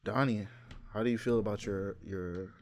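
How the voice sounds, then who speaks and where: A man's voice: lowish voice, steady tone, normal speed. A young man shoots the breeze on a podcast, joking around and laughing at his own lines. His sentences wander and trail off. The talk stays loose and unscripted. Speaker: podcast co-host. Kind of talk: casual chat.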